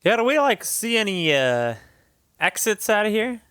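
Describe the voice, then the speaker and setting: A man's voice: high voice, sing-song, moderate pace, sharp tone, smooth, dry recording, studio quality. A man playing a tabletop game, asking lots of curious questions. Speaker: player. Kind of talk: casual game chat.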